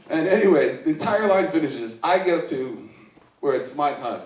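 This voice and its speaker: A stand-up comedian from Iceland, slightly high-voiced with lively intonation and a moderate pace, works an open mic set. He rambles, puts himself down, and imitates the people he describes; the echoey room is recorded from afar, with audience laughter.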